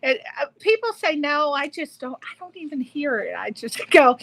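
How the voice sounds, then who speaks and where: A woman's voice: sits high, very animated, normal speed, few pauses, fairly bright tone, no room sound, poor audio. A woman hosting an online interview show, chatting casually with a guest and talking with many fillers. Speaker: radio show host. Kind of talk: casual video-call interview.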